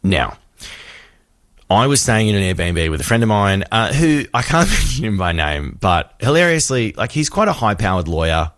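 A man, co-hosting a radio show and telling a story with lively acted-out voices. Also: on the low side, normal speed, dry recording, clean studio sound. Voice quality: animated storyteller, acts out voices. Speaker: radio co-host. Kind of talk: casual radio banter, storytelling.

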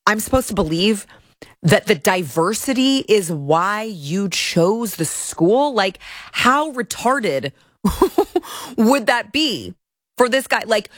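Woman from Texas, opinionated commentary, indignant and ranting, mid pitch, dry recording. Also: very animated, slow pace, dry recording. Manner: indignant, ranting with stammered restarts. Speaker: show host.

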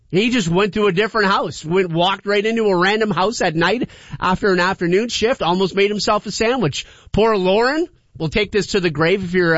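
A male radio host talks in a loose, rambling way with a high voice, laughing now and then. The sound is dry and a bit dull, like a broadcast. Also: a bit bright, dry recording. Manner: chatty and rambling, laughs often. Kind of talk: casual call-in radio chat.

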